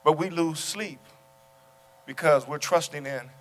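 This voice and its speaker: A man's voice: on the high side, a little slow. Preaching man in an echoing church. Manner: preaching, builds to loud exclamations. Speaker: pastor. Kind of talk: sermon. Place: church sanctuary. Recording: long hall reverb.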